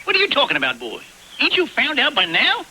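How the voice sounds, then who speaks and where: An actor playing a scheming, boastful old grandpa farmer who talks in folksy rustic grammar and cackles. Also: male voice, very high-pitched, huge pitch swings, fast, sharp tone, a little hiss or hum, exaggerated voice, rough recording. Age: older. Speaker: grandfather farmer selling produce. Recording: old TV soundtrack with music.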